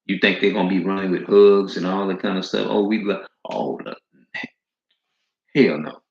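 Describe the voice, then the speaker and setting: A street preacher with a low, steady, creaky voice and a darkish tone speaks at normal speed, reading scripture and preaching informally. He is emphatic and repetitive, using slangy speech that hits stressed words hard. The echoey room gives a dull, lo-fi sound.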